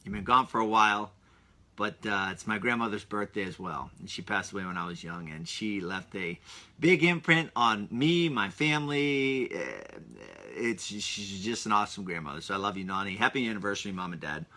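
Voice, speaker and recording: A man's voice: lowish voice, moderate pace, bright, forceful tone. A man hosting his own podcast, rambling in a casual solo chat full of asides and restarts. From Pennsylvania. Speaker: podcast host.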